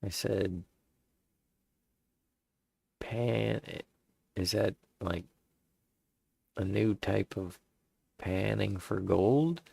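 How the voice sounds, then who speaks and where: A man casually working out jokes in a deadpan way, stopping to rework punchlines. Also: fairly low pitch, extremely slow, pauses often, dry recording. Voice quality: gravelly, husky. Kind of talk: casual joke drafting.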